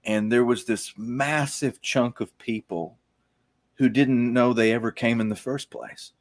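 A man's voice: medium pitch, steady tone, measured pace. A middle-aged man hosting a podcast, chatting casually and rambling, with frequent fillers and restarts. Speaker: podcast host. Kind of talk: casual conversational chat.

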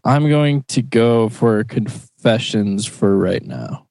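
A man with a low voice talks on a casual movie podcast, hesitant and leaning on fillers. His voice is recorded dry and close. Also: takes it slowly, gravelly, dark tone, no echo. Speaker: podcast co-host. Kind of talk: casual chat.

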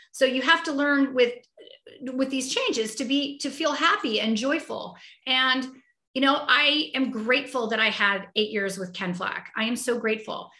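A woman appearing as a podcast guest speaks in a heartfelt, reflective way during a conversational interview, often restarting her sentences. Her voice is on the high side with a sharp tone, and the recording sounds roomy.

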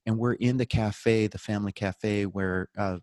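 Speaking in a lowish voice at a moderate pace, this man is a documentary filmmaker guesting on a podcast for a casual storytelling interview. He's an animated storyteller who jokes, laughs, and performs quotes. The studio-quality audio has no echo.

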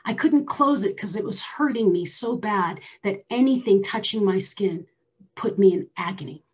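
Husky woman telling a personal story. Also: medium pitch, animated, normal speed. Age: 40s. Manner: emphatic, drops to a hushed near-whisper for stress.

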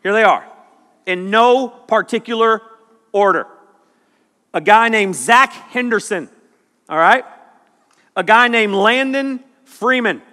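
A middle-aged man preaching and telling jokes as a youth pastor, full of animated stories. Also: high-pitched, takes it slowly, long pauses. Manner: animated, joking storyteller. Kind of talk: sermon. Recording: long hall reverb.

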